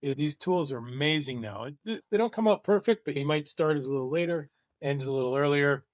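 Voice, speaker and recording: Male webinar presenter, upbeat and conversational, slightly raised pitch. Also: fairly quick, no room sound, clean studio sound. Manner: enthusiastic and conversational. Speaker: marketing agency presenter.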